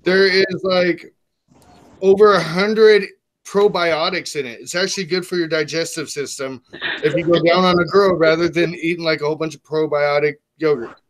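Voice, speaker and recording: A young man hosting a podcast, telling a crude story in a loose, animated way and acting out the people in it. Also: a little high, slight background noise. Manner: animated, acts out the people in his stories with quick shifts. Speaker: podcast host. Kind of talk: casual profane storytelling.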